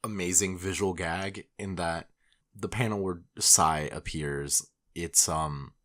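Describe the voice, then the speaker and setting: A man's voice: low-pitched, fairly even intonation, takes it slowly, a bit bright. A man co-hosting a podcast in casual chat, laid-back and slangy but enthusiastic. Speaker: podcast co-host.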